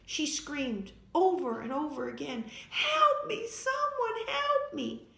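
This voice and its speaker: A woman voicing a frightened, injured young girl who cries out for help in a high, desperate voice. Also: animated, measured pace, echoey room.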